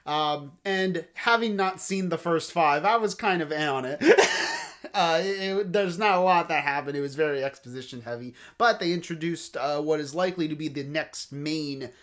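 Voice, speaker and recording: A man's voice: a little high, normal speed, fairly bright tone. A man hosting a casual podcast chat, tired and laid-back, who chuckles often and uses lots of fillers. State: tired, yawning. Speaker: podcast host.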